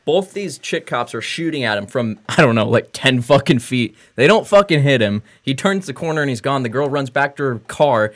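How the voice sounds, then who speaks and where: A man on a casual podcast telling a wry, profane story in an even, mid-pitched voice. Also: normal speed, few pauses.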